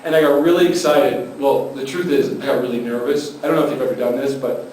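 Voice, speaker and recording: Animated man telling a story in an echoey hall. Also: medium pitch, fast. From California. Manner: animated, acts out the dialogue in put-on voices. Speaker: panel speaker. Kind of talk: comic storytelling to a live audience. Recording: echoey hall from far off with faint noise.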